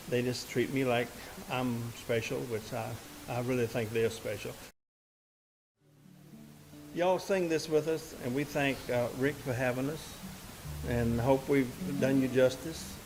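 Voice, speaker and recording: A man's voice: medium pitch, steady tone, a little slow, darkish tone, slight background noise, low-quality recording. A man, a musician and bandleader telling a story to a live audience from the stage. He talks in a folksy, rambling way, with lots of "and, uh" restarts.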